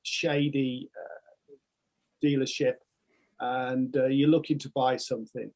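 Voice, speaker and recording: An older man, a retired police officer, chatting as a podcast guest with many pauses and fillers. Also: medium pitch, flat delivery, a little mellow. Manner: hesitant, many ums, good-natured. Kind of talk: casual podcast chat.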